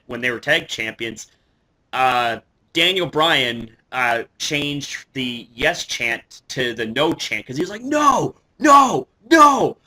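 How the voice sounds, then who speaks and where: A man with a bright, forceful voice chats casually as a vlogger. He gets excitable, swears freely and keeps restarting his sentences with fillers. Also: mid-range voice. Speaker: wrestling vlogger. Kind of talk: casual reaction commentary.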